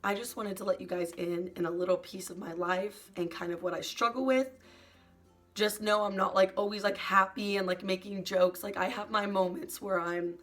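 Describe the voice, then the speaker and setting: A young woman YouTuber talking in a soft, hesitant confessional vlog, full of "like" fillers and sometimes close to tears. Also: mid-range voice, fairly even intonation, moderate pace, soft background music. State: emotional, near tears at times.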